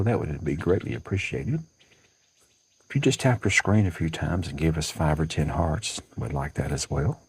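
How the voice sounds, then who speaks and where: A man's voice: rumbling low, a little mellow, slightly rough, poor audio. A man with a Southern US accent hosting a casual livestream from a porch at dawn, chatting and greeting viewers by name. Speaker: livestream host.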